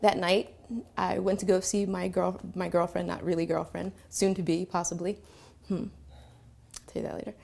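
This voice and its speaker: A woman from Philadelphia telling a personal story, reflective and halting, with many pauses and fillers. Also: on the low side, little pitch movement, creaky, a little mellow. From Philadelphia, Pennsylvania.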